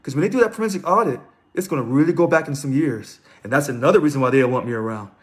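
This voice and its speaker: A man's voice: mid-range voice, expressive, rapid-fire. A man hosting a casual live stream, reading aloud, commenting and greeting viewers by name. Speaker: livestream host.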